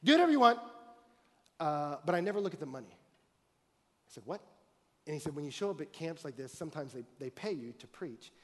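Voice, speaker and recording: A man preaching a sermon as pastor, telling a story with animated swings between loud excited bursts and quiet earnest talk. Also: fairly high pitch, brisk. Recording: long hall reverb.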